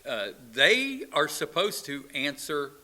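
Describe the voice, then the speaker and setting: A man's voice: fairly high pitch, sing-song, takes it slowly, sharp tone. A man co-hosting a faith and politics talk show, speaking earnestly with frequent hesitations. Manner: earnest, hesitant with many uh fillers. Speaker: co-host. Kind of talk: casual talk show chat.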